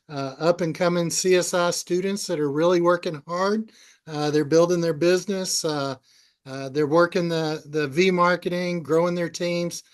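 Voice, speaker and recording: A man's voice: on the high side, clear, resonant tone. A man introducing his students on a group video call, earnest, with many "uh" fillers. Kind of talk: casual chat.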